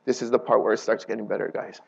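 A man preaching a sermon, swinging between hushed and impassioned and asking the audience rhetorical questions. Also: fairly low pitch, fairly even intonation, quick pace, creaky, husky, dull audio.

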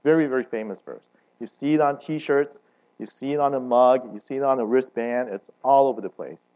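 A man preaching a conversational sermon, telling stories and asking the audience questions with lively emphasis. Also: fairly quick. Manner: relaxed, chatty, asks the audience questions; lively swings in loudness and pitch for emphasis. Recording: dull lo-fi recording.

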